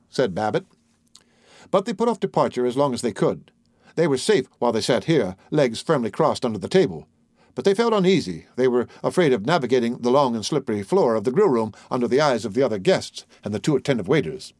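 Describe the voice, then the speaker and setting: A man's voice: mid-range voice, sing-song, a little fast, a little mellow, no echo, clean studio sound. A man reading a novel aloud as a narrator, giving the dialogue light character voices. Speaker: audiobook narrator. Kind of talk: scripted narration.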